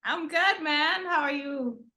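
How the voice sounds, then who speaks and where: A woman's voice: high-pitched, takes it slowly, reverberant, heavy background noise. A woman guest on a news show, chatting casually and puzzling over the story with pointed questions. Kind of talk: casual chat.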